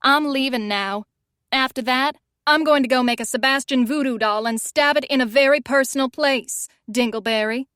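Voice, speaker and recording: A woman's voice: high voice, moderate pace, a bit bright, smooth, no room sound, clean studio sound. Woman voicing a sassy, mocking young woman. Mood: spiteful. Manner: mocking and dramatic. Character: sassy blunt young woman friend, quick-tongued.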